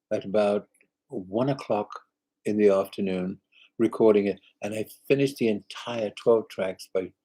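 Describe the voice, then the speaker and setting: A man's voice: lowish voice, warm tone, poor audio. Older man rambling with endless "you know". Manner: chuckles often. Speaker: singer hosting a live chat. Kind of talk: casual live chat reading viewer comments.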